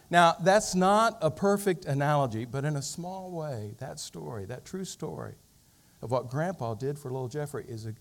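A pastor preaching to his congregation in a fairly high-pitched voice. He tells stories with lively turns and builds to fervent emphasis. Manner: storytelling, rising to fervent emphasis. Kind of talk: sermon.

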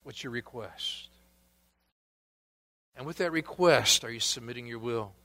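Male pastor, sermon delivery, bright tone, unhurried pace. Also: medium pitch. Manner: preaching, questions to the congregation, swings from loud to hushed.

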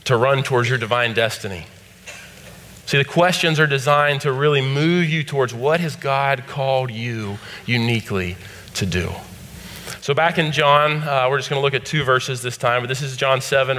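A man's voice: mid-range voice, pushed and bright. A middle-aged man preaching a conversational sermon as a pastor, rising to emphatic scripture quotes. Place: church sanctuary. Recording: long hall reverb.

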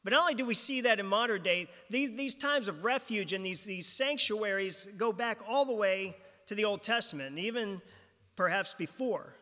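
A man's voice: sits high, animated, normal speed, bright, forceful tone. A man preaching a sermon in a church, speaking conversationally from a pulpit mic. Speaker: pastor. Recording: long hall reverb from the church.

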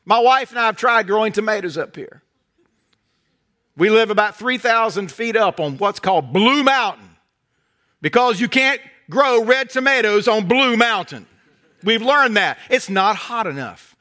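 A sermon comes from a high-pitched, middle-aged Southern American man from North Carolina, who keeps a measured pace. He mixes folksy humor with animated storytelling, easing down into soft intensity.

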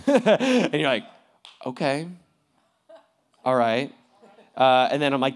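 A young adult man preaching a sermon as pastor, in a casual, slangy way, often laughing and swinging from quiet asides to loud outbursts. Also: mid-range voice, sing-song, slow, long pauses.

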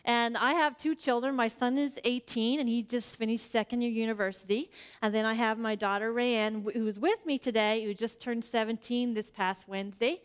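Woman, 40s, church speaker, personal sermon, earnest, chatty, higher voice, filler words. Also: steady tone, normal speed, clear, resonant tone. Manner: frequent fillers like "like".

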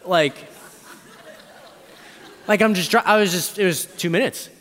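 A man in his thirties preaching a sermon, telling a personal story and acting out his own thoughts in lively bursts. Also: sits high, measured pace, a faint crowd. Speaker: pastor. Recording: long reverb in a hall.

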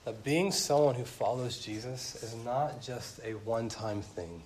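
A man in his thirties delivers a sermon in a church, his medium-pitched voice shifting pace and swelling to loud, emphatic peaks. He speaks as a pastor to a congregation. A faint background noise sits under the recording. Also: unhurried.

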